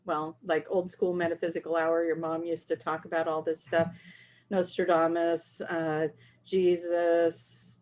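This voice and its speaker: A woman's voice: lowish voice, flat delivery, a little slow, a little mellow, a little hiss or hum. A woman with a Southern US accent co-hosts a casual live stream, upbeat and reading out viewer comments. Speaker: co-host.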